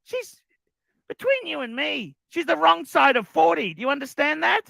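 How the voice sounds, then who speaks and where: Livestream host; staged shouting rant, high-pitched and bright. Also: male voice, big pitch swings, normal speed, vocal fry, no echo. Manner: shouting, profane, berating.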